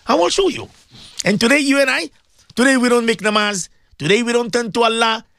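A man's voice: very high voice, fast talker, bright, forceful tone, smooth, no room sound. A man presenting a radio advice show and delivering an impassioned sermon, full of repeated rhetorical questions. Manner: fervent, repetitive, rhetorical questions.

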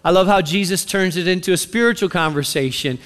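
A male pastor preaching a sermon in an animated storytelling way, asking the audience direct questions, in a church sanctuary. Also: high voice, a little fast. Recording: long reverb of a large hall.

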